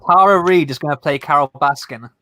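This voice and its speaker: A man's voice: fairly high pitch, bright, forceful tone, slight background noise. A man co-hosting a livestream, chatting casually and rambling from one joke to the next. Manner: rambling, playful, quick to joke. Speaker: livestream co-host. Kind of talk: casual group chat on a livestream.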